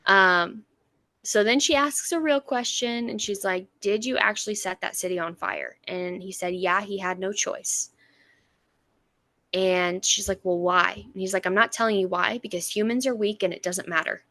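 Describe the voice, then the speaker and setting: A woman's voice: medium pitch, steady tone, normal speed, bright, forceful tone, no room sound. A woman co-hosting a book podcast, casually retelling chapters and acting out the characters' lines with frequent laughter. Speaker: podcast co-host.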